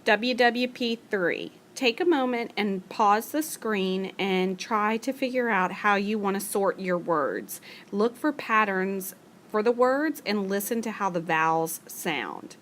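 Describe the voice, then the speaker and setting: A woman teacher talks through a spelling lesson in a patient, step-by-step way, drawing out each example word. Her voice sits at an ordinary middle pitch. A faint hiss runs under the voice-over recording. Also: expressive, takes it slowly, fairly bright tone. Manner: patient, stretches out example words. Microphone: screencast voice-over.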